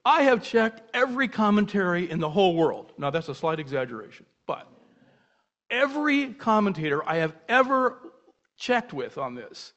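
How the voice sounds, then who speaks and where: An older man leads an informal Bible talk with a slightly high voice that leaps about as he questions and restarts. The recording is muffled and lo-fi. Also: normal speed. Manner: animated, rhetorical questions, self-interrupting. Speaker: Bible teacher.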